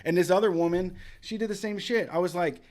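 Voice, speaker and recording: Man, young adult, talk show co-host, profane, animated, slightly high voice. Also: quick pace. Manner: profane, animated storyteller acting out quotes. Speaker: podcast co-host. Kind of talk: casual storytelling chat.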